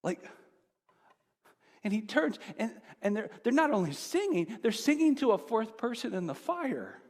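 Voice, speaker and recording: A male pastor preaching a sermon, telling a story with animation, swinging between excited shouts and quiet asides. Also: high-pitched, measured pace, long reverb tail.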